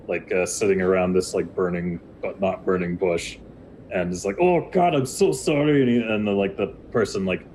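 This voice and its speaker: Deep-voiced rambling game master. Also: male voice, darkish tone, slight background noise, low-quality recording. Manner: rambling, many fillers and restarts. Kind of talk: narrating a tabletop game.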